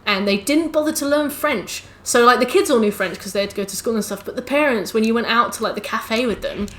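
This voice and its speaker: A young Englishwoman with a slightly high voice rants and swears casually to her live-stream chat while she games, tossing out quick asides. There's slight background noise.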